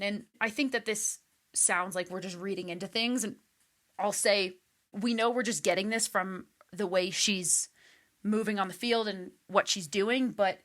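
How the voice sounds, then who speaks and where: An animated woman hosting a sports podcast, talking with enthusiasm. She moves easily between chat and rundowns of the news, with a mid-range voice. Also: medium pitch, normal speed. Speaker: podcast host.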